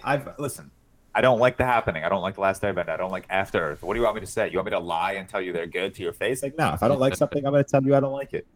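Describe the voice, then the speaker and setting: A man's voice: sits low, very fast. A man co-hosting a podcast, chatting casually and bluntly defending his opinions. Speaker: podcast co-host. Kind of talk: casual chat.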